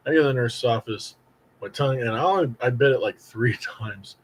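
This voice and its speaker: A man's voice: mid-range voice, fairly quick, a little hiss or hum, rough recording. Rambling storyteller man in his late thirties. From Indiana, US. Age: late 30s. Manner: rambling, animated, acts out quoted voices. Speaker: host reviewing candy. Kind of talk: casual storytelling to camera.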